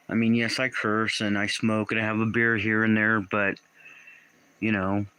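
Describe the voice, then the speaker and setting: Casual male livestream host at home, lowish voice with a sharp edge, chats with and reacts to viewers. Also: level tone, normal speed, a little hiss or hum, rough recording. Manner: reads out and answers viewer comments, often confused.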